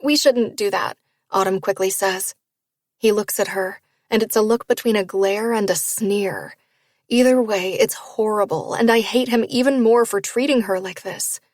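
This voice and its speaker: A woman narrating a first-person romance novel in a steady storytelling read. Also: medium pitch, moderate pace, no echo, studio quality. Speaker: audiobook narrator.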